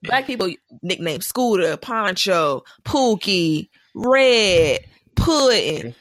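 A young woman in casual chat, telling animated stories and laughing often. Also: mid-range voice, slow pace, dry recording, studio quality.

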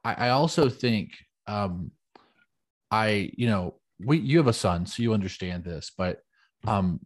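A man's voice: fairly low pitch, animated, a little slow. A man co-hosting a casual podcast chat, talking loosely with lots of fillers and restarts. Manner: chatty, many fillers and restarts. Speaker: podcast co-host.

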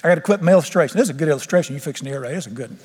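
A man's voice: a little high, animated, rapid-fire, darkish tone, husky. A man preaching a fervent, folksy sermon with humor. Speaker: pastor. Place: church sanctuary. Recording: long church reverb, faint music.

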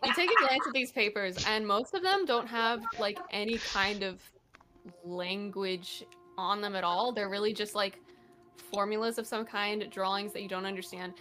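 A woman's voice: mid-range voice, normal speed, music in the background. A woman narrating a tabletop game as game master, casual with many fillers and frequent laughter.

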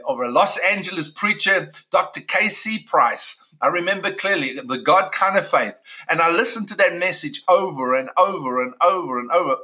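A man's voice: on the high side, sharp tone, poor audio. A middle-aged man from South Africa, a pastor telling his own story in a conversational way, with many restarts. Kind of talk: personal testimony talk.

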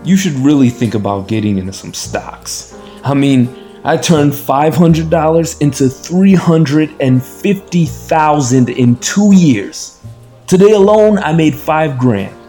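A man's voice: a little high, expressive, unhurried, mellow, faint music behind. An actor playing a narcissistic male stockbroker on a dinner date, boastful and dismissive.

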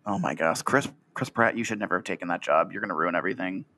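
A man's voice: deep voice, quick pace, sharp tone. Giggly rambling male podcast co-host. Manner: giggly, rambling, many fillers. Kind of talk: casual chat.

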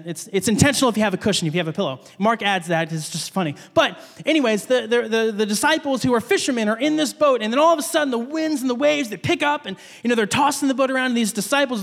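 High-voiced man preaching in a reverberant hall. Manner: animated storytelling, acts out voices. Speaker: pastor. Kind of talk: sermon. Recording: long reverb of a large hall.

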